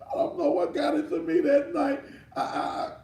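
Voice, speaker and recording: A man's voice: extremely high pitch, steady tone, normal speed, vocal fry, darkish tone, far from the mic, pitched above the performer's own voice, heavily acted. A man putting on the voice of a sobbing woman defendant who begs for forgiveness in an overwrought, wailing way. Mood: mock sobbing. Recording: echoey room, voice off-mic.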